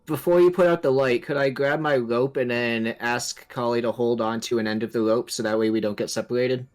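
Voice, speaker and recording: A man with a mid-pitched voice plays a tabletop game. He chats casually and eagerly makes practical suggestions to the group. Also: steady tone, fairly quick. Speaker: player.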